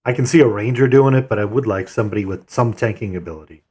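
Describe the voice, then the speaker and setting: A man on voice chat leading a game raid, calmly explaining a plan and handing out tasks. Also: on the low side, quick pace, breathy edge. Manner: calm, methodical, assigns tasks. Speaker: raid leader and streamer. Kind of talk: voice chat while gaming.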